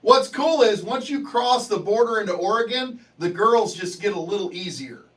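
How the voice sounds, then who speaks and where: A male livestream host chats loosely with his viewers, joking, cursing and laughing often. His voice sits fairly high and swings widely in pitch. He sounds a bit distant from the microphone. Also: expressive, normal speed, a bit bright. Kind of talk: casual chat reading viewer comments.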